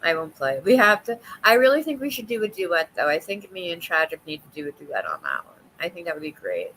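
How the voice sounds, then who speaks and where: A woman hosting a casual livestream chat with viewers, talkative and quick to laugh, often restarting her sentences. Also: on the low side, big pitch swings, a bit bright, slight background noise, rough recording. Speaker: livestream host.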